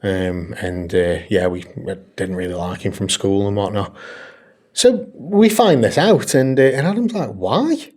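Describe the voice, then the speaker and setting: A man co-hosts a casual podcast, an animated storyteller who laughs often and swears freely. His voice is fairly low in pitch and a little slow.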